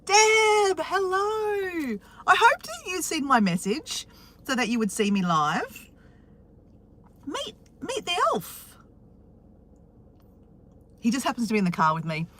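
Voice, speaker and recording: A woman's voice: fairly high pitch, sing-song, a little fast, pushed and bright. A woman with an Australian accent chatting casually on a live stream from her car, greeting viewers by name.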